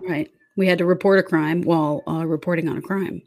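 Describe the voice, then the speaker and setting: A woman's voice: fairly low pitch, steady tone, fairly quick, darkish tone, no room sound. A woman co-hosting a true crime podcast in casual chat, adding details to the story and acting out what people said. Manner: chimes in with details and acted quotes.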